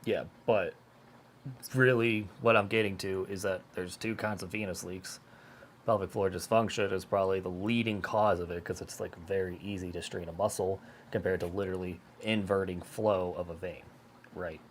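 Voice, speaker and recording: A low-pitched man with a stuffy, congested voice, co-hosting a casual podcast. He explains things plainly and practically. A faint hiss of noise sits under his voice. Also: steady tone, moderate pace. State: congested, sick. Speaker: podcast co-host.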